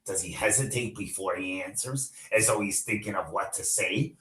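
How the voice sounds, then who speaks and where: A man's voice: on the low side, moderate pace, pushed and bright, voice pushed up. A man voicing a suspicious male investigator who presses with questions, read aloud to a class. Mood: probing. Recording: echoey room.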